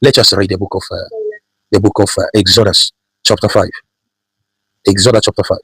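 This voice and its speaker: A man's voice: fairly low pitch, fairly even intonation, fairly quick, a bit bright, husky, no echo, rough recording. A man preaching a sermon, emphatic and repetitive, driving his points home with rhetorical questions.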